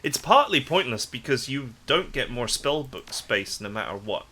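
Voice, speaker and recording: A man's voice: medium pitch, very animated, normal speed, pushed and bright, husky. A man hosting a let's play, reading game text aloud dramatically and chatting casually about the game with lots of "like". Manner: casual asides full of "like", dramatic read-aloud of game prose.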